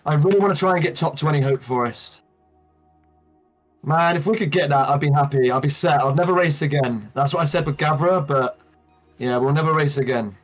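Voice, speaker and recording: A laid-back man joins a live stream chat, laughing easily and throwing in plenty of "mate". His voice is a bit higher than most men's and comes through a slightly muffled, lo-fi mic, with faint music behind. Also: a little fast.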